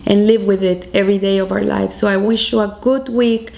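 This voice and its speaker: A woman's voice: medium pitch, fairly even intonation, a little fast, creaky, darkish tone. A woman teaching the weekly Torah portion, telling a story earnestly with emphatic rises in her voice.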